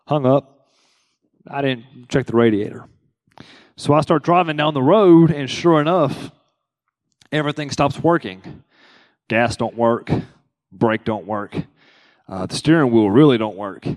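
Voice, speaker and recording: A man's voice: medium pitch, measured pace, pauses often, darkish tone, long reverb tail. A young adult male pastor preaching a conversational sermon, acting out quotes with rising emphasis.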